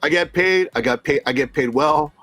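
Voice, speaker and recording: A middle-aged man casually telling a story from work, animated, laughing often and acting out what people said. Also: on the high side, normal speed, dry recording, faint music behind.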